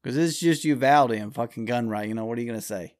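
A man's voice: medium pitch, fast, a little mellow. A man hosting his own show, delivering a blunt, profane, rambling solo rant.

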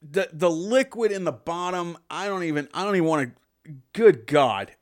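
A podcast co-host with a high-pitched, expressive voice talks at a moderate pace in a casual chat. He rambles, swears a lot, and keeps restarting his sentences with false starts.

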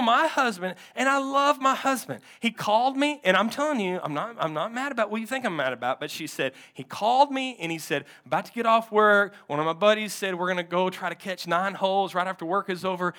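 A male pastor telling a story from the pulpit, switching into the voices of the people in it. His tone is bright and forceful, and he keeps the story lively and animated. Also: high voice. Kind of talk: sermon storytelling.

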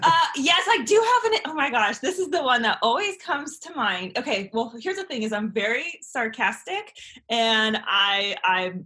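A woman in her thirties from California, a guest author telling stories in a sarcastic, animated way with many restarts. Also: on the high side, normal speed. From United States (California). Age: 30s. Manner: sarcastic, animated storytelling with frequent laughs and restarts. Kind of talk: casual interview chat.

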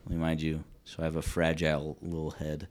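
A man's voice: rumbling low, completely flat delivery, a little fast, a little mellow. A young man co-hosting a podcast, telling laid-back, profane anecdotes in casual chat. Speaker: podcast co-host.

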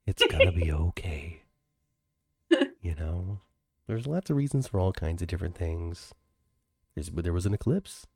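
A man's voice: low voice, animated, normal speed, gravelly, slightly rough, no echo, studio quality. A man co-hosting a podcast over a video call, chatting casually and laughing often. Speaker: podcast co-host. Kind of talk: casual chat. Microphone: home computer mic, video call.

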